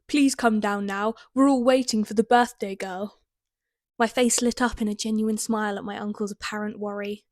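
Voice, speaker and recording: A woman's voice: mid-range voice, a little mellow, no room sound. Wry young British woman reading aloud. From Britain. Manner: wry, self-mocking, laughing asides. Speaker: author reading her teen writing. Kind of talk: reading aloud with comic commentary.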